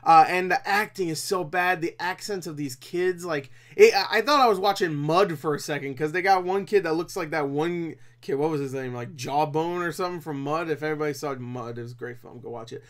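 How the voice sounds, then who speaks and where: A man's voice: on the high side, fairly quick, few pauses, fairly bright tone. A man giving a casual, rambling spoken film review, swearing and laughing often, with frequent restarts. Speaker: movie reviewer.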